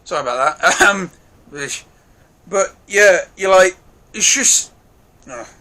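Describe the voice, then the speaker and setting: A man gushes casually over a film, talking excitably and swearing freely. His voice is high and bright, and his pace is slow.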